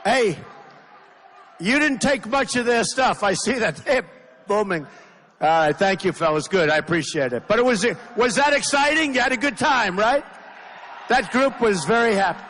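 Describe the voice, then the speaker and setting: Brief: male political candidate at a rally, raised pitch, repeats himself emphatically, long hall reverb. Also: animated, normal speed, a bit bright, a little hiss or hum. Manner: rambling, repetitive, emphatic. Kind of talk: campaign rally speech. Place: large rally venue.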